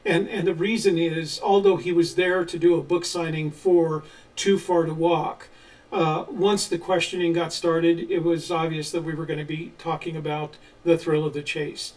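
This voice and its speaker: Sounding a little distant from the microphone, the treasure-hunt channel co-host speaks in a slightly high, darkish voice with a flat delivery. He's measured and explanatory as he fields viewer questions in a casual live chat, with frequent "uh" pauses.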